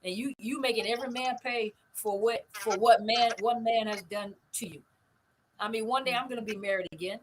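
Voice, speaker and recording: A woman's voice: on the high side, a bit bright, slight background noise, poor audio. A middle-aged woman hosting a casual live stream, talking emphatically, repeating her points and often asking if you see what she means. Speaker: host of a live stream on narcissistic abuse recovery. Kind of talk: casual live stream talk answering comments.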